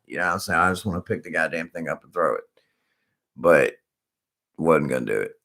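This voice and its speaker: Man, vlogger, voice gone hoarse and scratchy, very low, profane animated rant. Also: normal speed, no room sound, clean studio sound. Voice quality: scratchy, deep. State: hoarse, lost voice. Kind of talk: casual ranting vlog.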